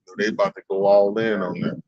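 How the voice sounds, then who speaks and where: A man's voice: on the low side, level tone, fast talker, a little mellow, no echo. A man in a casual group discussion, speaking steadily with filler hesitations. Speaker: camp group member. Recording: dull lo-fi sound.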